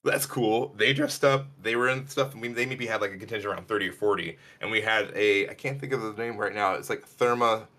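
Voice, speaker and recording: Casting: man, podcast co-host, low-ish voice with a bright edge, chatty animated storyteller. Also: brisk, hardly any pauses. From Illinois. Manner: animated, rambling, acts out quotes in a higher voice. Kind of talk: casual storytelling chat.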